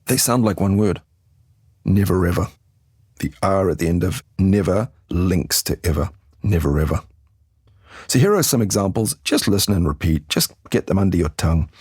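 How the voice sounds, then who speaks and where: Low, gravelly male English teacher. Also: darkish tone, no echo, clean studio sound. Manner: slow, deliberate model sentences repeated for learners; coaching, gives tips and drills to the listener. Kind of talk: language lesson podcast.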